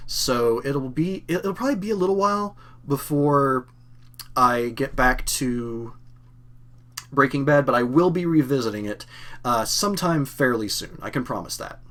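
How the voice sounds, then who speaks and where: Speaking at an ordinary speed, the channel host has a mid-range, fairly bright voice. He's a young man from Kentucky whose Southern accent is faint, and his relaxed live-stream Q&A wanders with plenty of fillers and self-corrections.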